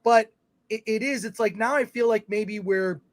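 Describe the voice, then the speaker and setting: A man co-hosts a live film talk show, rambling through his points with many restarts and reading viewer comments aloud in casual chat. His voice sits high at a moderate pace. There's no echo.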